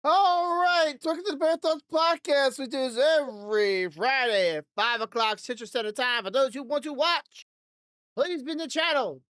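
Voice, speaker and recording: A woman's voice: high-pitched, moderate pace, a bit bright, dry recording, studio quality. A woman hosting a podcast in loose, rambling casual chat, swearing freely and laughing often into a desk microphone. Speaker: podcast host.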